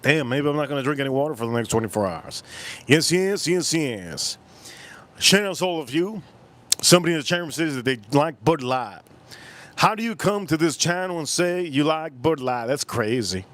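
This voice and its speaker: A man's voice: on the high side, lively intonation, moderate pace, fairly bright tone. American dude on a livestream, rambling crude banter w/ chat, sipping drinks as he goes. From United States. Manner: drinking on stream between lines. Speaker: livestream host.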